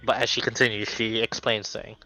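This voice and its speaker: A man's voice: lowish voice, little pitch movement, a little fast, sharp tone, soft background music, low-quality recording. A man narrating as game master of a tabletop game, rambling with many ums and restarts.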